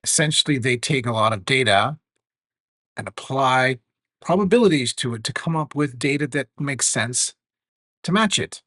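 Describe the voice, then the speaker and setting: A man teaching a lesson about AI tools with a live demo, measured and earnest. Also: mid-range voice, animated, bright, forceful tone, no room sound. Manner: measured, earnest, some fillers.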